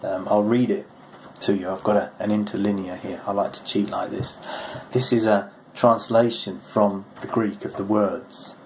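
A male pastor giving a short, gentle, conversational devotional, reading scripture aloud. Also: on the low side, little pitch movement, moderate pace, a little hiss or hum, rough recording.

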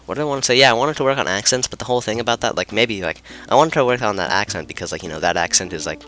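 A man's voice: lowish voice, very fast, sharp tone, soft background music. A man giving loose, sarcastic commentary while playing a video game, joking and reading lines aloud. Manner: sarcastic, rambling jokes, reads lines aloud. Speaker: let's play commentator. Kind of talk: casual gameplay commentary.

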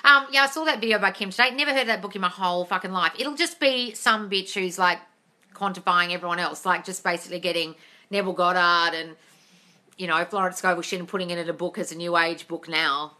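Her fairly low voice is fast and sharp-toned as this woman, whose English carries a non-native accent, coaches manifestation over a phone livestream. In a casual Q&A she reads comments aloud, swears, speaks bluntly, and calls viewers darling; she is slightly congested, with a runny nose from a cold, in a large open room.

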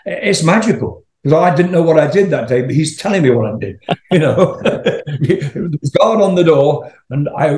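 An older man recounts his rock band days in a loose, meandering way. He laughs often and swears casually. His voice sits a little high and rings in a roomy, echoing space. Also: warm tone. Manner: rambling, laughing, swearing anecdotes. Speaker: interview guest, rock singer. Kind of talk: casual storytelling.

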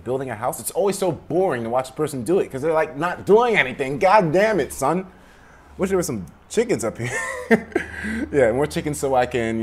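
A man casually commentating a game, rambling and swearing, sometimes bursting into loud laughter. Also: mid-range voice, slight background noise. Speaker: gaming commentator. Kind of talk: casual let's-play commentary. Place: room at home with windows open.

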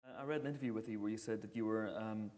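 Low, fast-talking interviewer in a hall. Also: male voice, steady tone, a little mellow. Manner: brief agreeing interjections. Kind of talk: on-stage interview. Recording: reverberant hall.

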